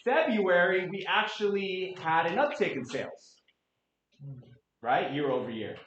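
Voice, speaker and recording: A man in his late thirties presenting a real estate market update to a room, energetic and quizzing the audience. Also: high voice, unhurried, a little hiss or hum. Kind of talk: interactive office presentation. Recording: echoey room, dull lo-fi sound.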